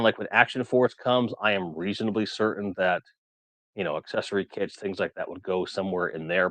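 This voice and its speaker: A man's voice: fairly low pitch, no room sound. A man hosting a toy collecting livestream, chatting casually and reading viewer comments aloud in a rambling way.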